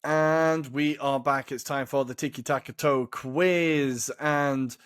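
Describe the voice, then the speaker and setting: A man's voice: mid-range voice, fairly even intonation, slow pace, a bit bright, clear, resonant tone, no echo, studio quality. A man co-hosting a football podcast in casual chat, thinking aloud and swearing freely. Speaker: podcast co-host.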